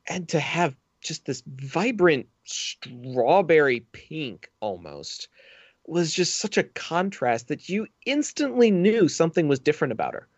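On a dull, dry recording, a man with a mid-range voice co-hosts a podcast. He talks through a film character casually but with thoughtful, detailed analysis.

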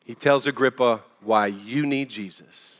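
A man preaching a sermon in an energetic, emphatic, conversational way. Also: mid-range voice, unhurried, big-room sound. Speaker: pastor.

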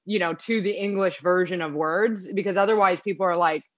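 A woman's voice: fairly low pitch, no room sound. Chatty woman, lo-fi sound. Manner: chatty, self-deprecating, halting restarts. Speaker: guest. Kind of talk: casual interview chat.

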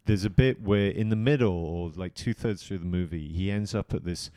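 A man co-hosting a podcast, telling stories in an excitable, rambling way with lots of restarts. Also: sits low, moderate pace, clean tone, dry recording, studio quality. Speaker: podcast co-host. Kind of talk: casual chat.

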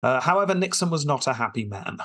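A man narrates history in a casual podcast. His voice is slightly husky, and he reads quotes aloud and adds dry, joking asides. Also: medium pitch, sing-song, quick pace, pushed and bright. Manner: storytelling, quoting sources, dry asides. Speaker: podcast host telling history.

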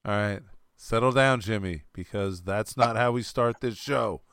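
A man's voice: fairly low pitch, unhurried, vocal fry, fairly bright tone, clean tone, no echo, studio quality. A man hosting a podcast, joking crudely with mock outrage in casual banter. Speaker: podcast host.

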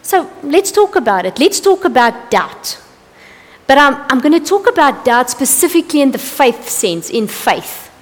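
A woman's voice: high voice, sing-song, normal speed. A woman preaching an evening sermon in a chatty, candid way, with asides and self-corrections. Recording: long reverb of a large hall.

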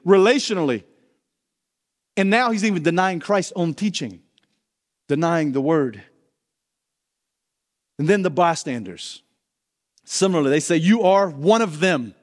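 A man's voice: on the high side, in a large hall. A man preaching a sermon as pastor, earnest and asking his listeners pointed questions.

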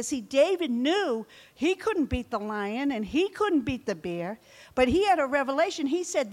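Woman pastor, high voice, animated sermon delivery, acts out scripture quotes. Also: measured pace. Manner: animated, acts out quoted lines with shifting pitch and loudness. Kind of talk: sermon, reading and explaining scripture.

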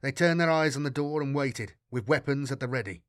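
A man narrating a dark sci-fi horror audiobook in a measured way, slowing for grim detail. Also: mid-range voice, no echo, studio quality.

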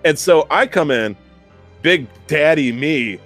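A young man hosting a podcast, telling an animated, profane, self-mocking story in casual chat. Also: fairly high pitch, slow pace, soft background music. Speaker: podcast host.

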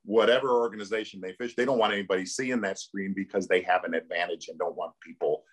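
A man's voice: deep voice, steady tone, quick pace, husky. A middle-aged man, a tournament commentator, telling stories with animation and laughter in a casual interview.

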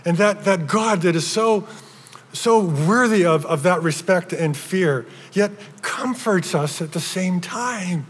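This man's voice is high, slow and slightly rough as he delivers a sermon from the pulpit of a church sanctuary. Speaking earnestly as pastor, he keeps restarting and piling on emphasis, all under long hall reverb.

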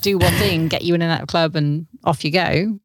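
A woman's voice: fairly low pitch, brisk, breathy edge, no echo, clean studio sound. A woman co-hosting a casual podcast, chatty and laughing often while telling a story. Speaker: podcast co-host. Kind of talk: casual chat.

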